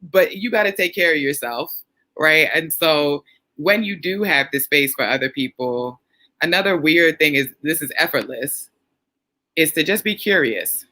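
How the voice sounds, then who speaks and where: A woman's voice: low-pitched, animated, moderate pace, sharp tone. A woman therapist hosting a casual live chat, speaking frankly and acting out little quoted lines. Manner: frank, reads viewer comments, acts out quotes. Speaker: therapist host.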